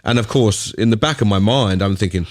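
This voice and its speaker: A middle-aged Australian man with a somewhat low voice, spinning long anecdotes on a podcast. He rambles along in an animated, chatty way. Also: fairly quick. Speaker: guest DJ and producer. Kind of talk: podcast storytelling.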